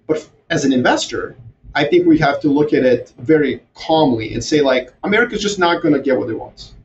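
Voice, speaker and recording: A man who grew up in Europe and the Middle East, talking as a podcast guest in a sarcastic, animated way with mocking asides. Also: medium pitch. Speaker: guest strategist. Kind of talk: casual podcast conversation. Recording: distant, dull, slightly noisy remote audio.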